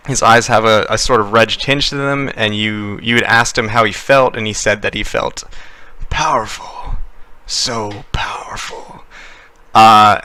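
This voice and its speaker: A man's voice: mid-range voice, pushed and bright, clean tone. A young man running a tabletop game as game master, narrating with many fillers and restarts.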